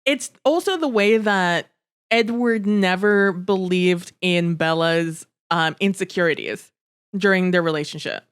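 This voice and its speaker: A woman co-hosting a casual book-club podcast, talking with animated energy, laughing often and swearing freely. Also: on the low side, measured pace, clear, resonant tone. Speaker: podcast co-host.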